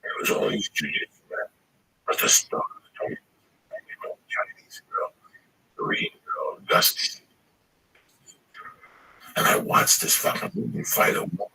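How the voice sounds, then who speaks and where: A man in loud, rambling, profane casual chat. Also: medium pitch, wildly swooping pitch, measured pace, creaky, long pauses, a little hiss or hum, rough recording.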